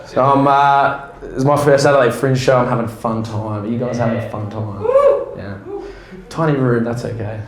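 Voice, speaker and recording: A man's voice: medium pitch, steady tone, normal speed. An Australian man working through a stand-up set in a loose, self-deprecating way, with swearing scattered through his lines. His voice sits in a middling register. A small room adds a noticeable echo. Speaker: stand-up comedian. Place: small room at a fringe festival show.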